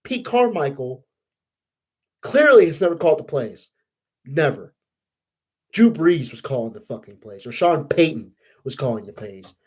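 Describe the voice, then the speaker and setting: Young guy venting about his team, husky voice, cussing a lot, kinda high. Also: very animated, unhurried, long pauses, a little mellow, poor audio. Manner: frustrated, profane, rambling. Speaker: podcast host. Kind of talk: casual sports rant.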